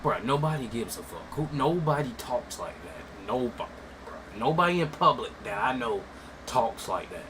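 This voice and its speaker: A man's voice: sing-song, moderate pace. Blunt man ranting over air conditioner hum. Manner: blunt, mocking, swings from loud outbursts to low mutters. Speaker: commentator. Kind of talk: casual ranting commentary.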